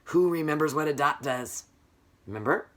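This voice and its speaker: Music teacher lady on a kids video lesson, counting beats out loud, patient, asks the class stuff. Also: sits low, expressive, moderate pace. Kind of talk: recorded video lesson for children.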